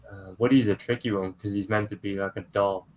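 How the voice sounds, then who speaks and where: A man's voice: lowish voice, steady tone, brisk, darkish tone. A man co-hosting a casual chat show, talking eagerly about the things he loves in an easygoing way. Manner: enthusiastic, self-described toy nerd. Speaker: co-host.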